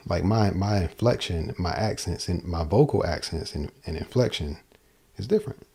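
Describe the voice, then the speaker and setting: A man's voice: low-pitched, normal speed, dark tone, husky. A man giving a casual livestream guitar lesson, thinking aloud and often repeating and restarting his phrases, with a guitar behind him. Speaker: guitar teacher. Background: guitar playing.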